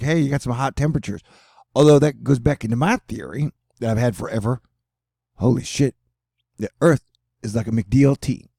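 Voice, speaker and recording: This mid-range, creaky, warm male voice comes through in studio quality with no echo. A middle-aged American hosts a casual weather vlog, joking, drifting between topics and filling gaps with filler words.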